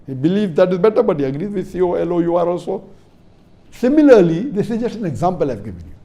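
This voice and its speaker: An Islamic preacher from India lectures an audience in a high, fast voice with a dark tone and big pitch swings. He is emphatic and repetitive, puts questions to listeners, and spells words out letter by letter.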